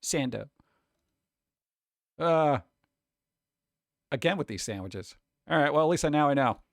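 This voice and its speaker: A man with a New York accent hosts a casual livestream and chats with his viewers. His voice sits a little high, and his remarks are sarcastic and mock-exasperated. The sound is dry and close, with almost no room in it. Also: expressive, a little slow, gravelly, dry recording. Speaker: streamer host. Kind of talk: casual livestream chat reacting to chat.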